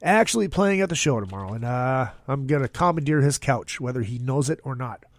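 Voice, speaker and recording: A man's voice: mid-range voice, animated, a little fast, no echo. A man hosting his own podcast, talking casually in an upbeat, rambling way with plenty of fillers. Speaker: podcast host. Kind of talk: casual solo podcast monologue.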